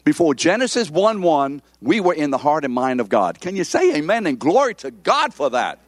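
A man's voice: fairly high pitch, big pitch swings, fairly quick, few pauses, no room sound. A man preaching a sermon, emphatic and repetitive, often calling on the congregation for amens. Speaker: pastor.

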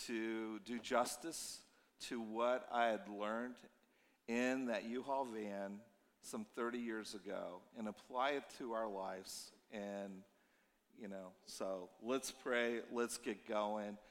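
A man in his fifties preaches in a low voice, sounding tired as he talks. He tells his stories in a loose, conversational way and gets animated in places. His voice rings with the long reverb of a church hall. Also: takes it slowly. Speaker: pastor. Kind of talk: sermon.

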